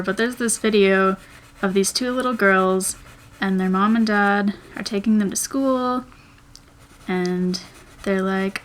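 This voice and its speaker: A woman in her twenties, a vlogger chatting casually while she draws, rambling and thinking out loud. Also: mid-range voice. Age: 20s. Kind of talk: casual chat while drawing.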